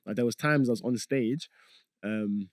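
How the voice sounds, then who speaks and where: A young man talking as a guest on a podcast, relaxed and rambling, with frequent fillers. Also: mid-range voice, moderate pace, no room sound. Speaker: guest, content creator. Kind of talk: casual podcast chat.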